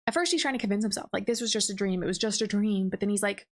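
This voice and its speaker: A woman's voice: medium pitch, rapid-fire, hardly any pauses. A woman casually recapping a novel's plot for her book review channel, talking in loose run-on sentences full of fillers. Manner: chatty, filler-heavy with frequent "like" and laughs. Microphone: desk microphone.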